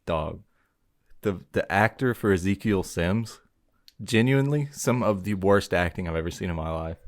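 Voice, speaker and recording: A man's voice: low voice, expressive, moderate pace. A young man co-hosting a podcast in laid-back, blunt casual banter. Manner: laid-back, blunt, says dog and bro. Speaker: podcast co-host.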